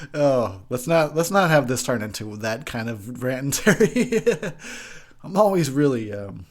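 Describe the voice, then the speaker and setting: A tipsy man hosting a movie commentary, ranting and swearing freely while laughing often. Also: medium pitch. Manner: profane, ranting, laughs a lot. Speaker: host.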